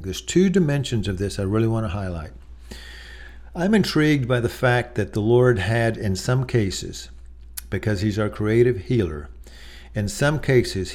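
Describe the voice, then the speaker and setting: A man's voice: mid-range voice, a little mellow. A middle-aged man preaching a sermon in a conversational way, telling personal stories with many asides. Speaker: pastor.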